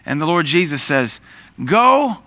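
A middle-aged man delivers an animated sermon and acts out the voices in the story. His voice is bright and forward. It is recorded close up, with a dry, roomless sound. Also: mid-range voice, moderate pace, no room sound. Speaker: Bible teacher.

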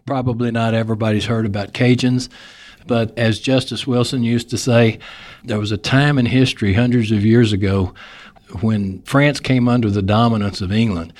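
A man's voice: mid-range voice, steady tone, normal speed, a little mellow. A man with a Texas accent hosting a podcast, chatting in a folksy, joking way and laughing often. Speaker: podcast host. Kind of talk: casual interview chat.

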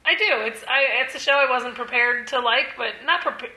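A woman's voice: high-pitched, brisk, bright, forceful tone. A woman co-hosting a casual TV podcast, chatty and wry, often answering "right". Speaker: podcast co-host. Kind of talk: casual chat. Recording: roomy echo.

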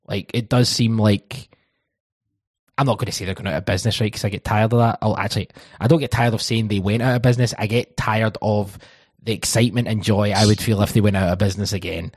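A Scottish man hosting a casual football podcast, laughing and swearing through quick banter. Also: lowish voice, steady tone, breathy edge, dry recording. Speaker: podcast host.

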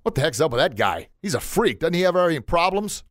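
A man mimicking complaining women who try to outdo each other, speaking a little higher and with a whiny tone. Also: very animated, fast, fairly bright tone, no echo, studio quality. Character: complaining women trading grumbles.

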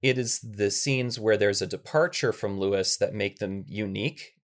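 A man with a low voice hosts a casual podcast. He speaks carefully and thinks aloud as he weighs his words. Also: normal speed. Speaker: podcast host.

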